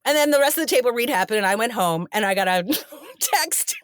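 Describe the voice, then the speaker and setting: A woman's voice: a little high, very fast, clear, resonant tone, no room sound, clean studio sound. A middle-aged actress guest in a casual interview, telling stories and acting out the people she quotes. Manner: animated storyteller acting out quoted voices.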